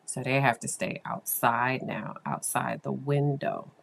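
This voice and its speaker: A woman therapist telling a story to her listeners in a casual monologue, animated and confiding, with asides to them. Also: rumbling low, unhurried, creaky.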